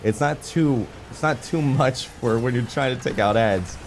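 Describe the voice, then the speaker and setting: Excitable young man narrating gameplay. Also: medium pitch, moderate pace, a little hiss or hum. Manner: rambling, filler-heavy, excitable. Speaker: gaming video creator. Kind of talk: casual gameplay commentary.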